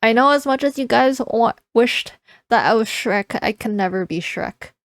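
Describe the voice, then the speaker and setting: A woman's voice: a little high, normal speed, dry recording. A young woman streamer chatting casually as she reacts to a video, teasing and laughing often.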